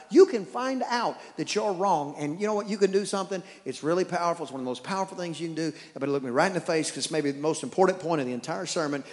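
A man from East Texas with an East Texas accent preaching a sermon as pastor, telling stories with animated, stammering restarts. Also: fairly high pitch, big-room sound. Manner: animated storytelling with repeated restarts.

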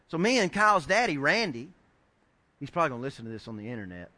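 A middle-aged man preaching a sermon, telling a story with lively acted-out quotes and building to shouted points. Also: fairly high pitch, fast. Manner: animated storyteller acting out quoted voices, rising to shouts. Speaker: pastor.

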